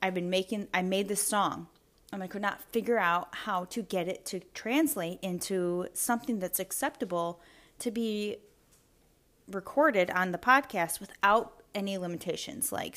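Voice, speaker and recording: A young woman talking loosely into her podcast mic at home, slightly out of breath. She rambles in a chatty, unfiltered way, dropping the odd swear word. Her pitch sits in an ordinary middle range. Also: moderate pace, a bit bright. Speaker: podcast host. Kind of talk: casual solo podcast chat. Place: at home with pets around.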